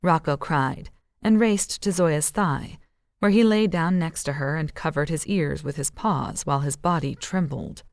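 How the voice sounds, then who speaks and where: Low-voiced woman narrating an audiobook. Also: normal speed, vocal fry, no room sound, studio quality.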